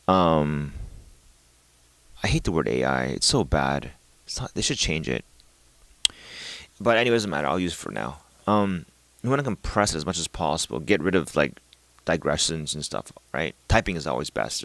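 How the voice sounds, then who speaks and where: Man, very deep voice, casual rambling monologue, lots of fillers and restarts, dry close sound. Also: fairly bright tone, no echo. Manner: rambling, thinking aloud with many fillers and restarts; swears casually. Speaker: vlogger.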